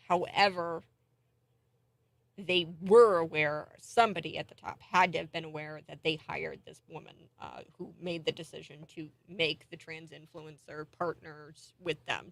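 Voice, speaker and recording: A woman's voice: low-pitched, steady tone, moderate pace, vocal fry. A woman hosting a morning talk show, giving chatty, indignant political commentary. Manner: chatty and indignant, thinks out loud.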